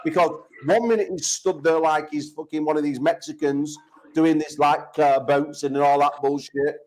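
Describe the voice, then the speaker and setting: A man's voice: a little high, steady tone, moderate pace, darkish tone, rough recording. An English man hosting a call-in chat show, talking in brash, profane trash-talk banter. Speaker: host.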